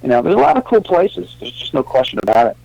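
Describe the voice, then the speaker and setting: A man's voice: fairly high pitch, big pitch swings, fast talker, vocal fry, warm tone, no echo, muffled recording. Talkative man with a New York accent. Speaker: musician guest. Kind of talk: casual interview chat.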